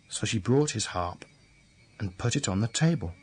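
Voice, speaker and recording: A man reading a fairy tale aloud, slow and deliberate. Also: mid-range voice, very animated, breathy edge. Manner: slow, deliberate, repetitive storytelling. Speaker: storyteller.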